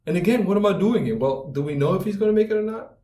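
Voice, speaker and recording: A man's voice: high voice, lively intonation, fast talker, dark tone. A man giving an explanatory video lecture on writing, posing rhetorical questions and answering them, acting out everyday scenes. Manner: acts out everyday scenes in quoted voices. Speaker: writing instructor. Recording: echoey room, voice from a distance.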